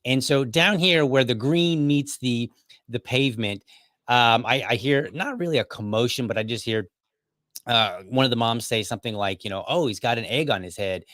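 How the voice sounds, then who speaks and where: A man's voice: medium pitch, moderate pace, fairly bright tone, no room sound. A man hosting a podcast, telling a story casually with many restarts and asides. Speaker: podcast host.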